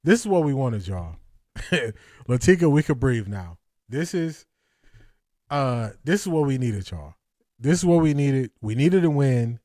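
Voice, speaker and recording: Excitable, breathless male stream host, mid-pitched voice, dry close sound. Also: measured pace, no echo. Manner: excitable, laughing, addresses viewers as y'all. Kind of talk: live watch-party commentary.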